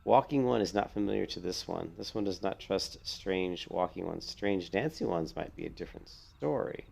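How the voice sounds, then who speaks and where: Guy reading as a suspicious little forest sprite, broken third-person talk, low gravelly voice. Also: lively intonation, normal speed, a little mellow, heavily acted. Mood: wary.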